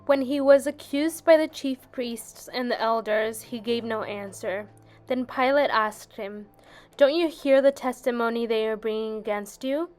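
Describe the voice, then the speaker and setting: A woman reads scripture aloud in a steady, solemn way. Her voice sits a little high. Soft music plays underneath her. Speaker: scripture reader. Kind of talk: scripture reading.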